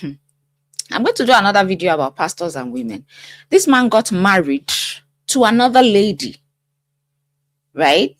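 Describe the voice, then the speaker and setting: A middle-aged woman hosting her own channel as a life coach, talking straight to viewers in an expressive, emphatic way. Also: medium pitch, no echo. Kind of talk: casual commentary to camera.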